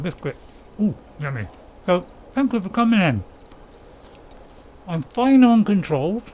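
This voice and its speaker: This gaming channel host has a high, slightly mellow voice, with a little background noise behind him. He rambles through a casual let's-play, chatting with viewers apologetically and chuckling often.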